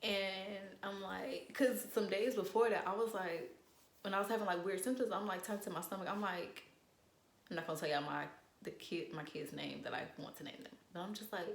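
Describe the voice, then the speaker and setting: A young woman in casual storytime chat, animated and profane, acting out what people said. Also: medium pitch, a little fast, vocal fry, roomy sound. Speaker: vlogger.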